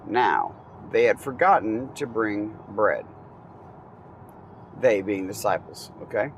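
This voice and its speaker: A man's voice: on the low side, slow, a little hiss or hum, rough recording. Man reading scripture casually outdoors. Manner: relaxed, conversational, many ums and asides. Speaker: Bible teacher. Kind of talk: casual Bible reading and commentary.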